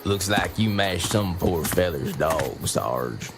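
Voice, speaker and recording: An actor playing a young, slow-witted grunt soldier in a video game, speaking in a slangy drawl with broken grammar. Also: male voice, deep voice, animated, exaggerated voice. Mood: whiny. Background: game music.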